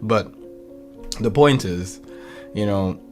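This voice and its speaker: A young man hosting a podcast, telling stories in a rambling, animated way. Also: lowish voice, slow, faint music behind. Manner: rambling, animated storytelling with laughs. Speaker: podcast host. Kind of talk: casual chat.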